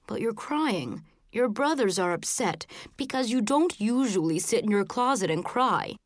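A woman voicing a patient father who coaxes his daughter gently and with concern. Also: medium pitch, lively intonation, a little slow, no echo, studio quality, lightly acted.

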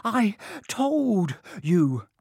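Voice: mid-range voice, big pitch swings, unhurried, darkish tone, dry recording, studio quality, voice pushed up. A narrator voicing a clever, bossy schoolgirl who talks breathlessly and insistently, in an audiobook reading.

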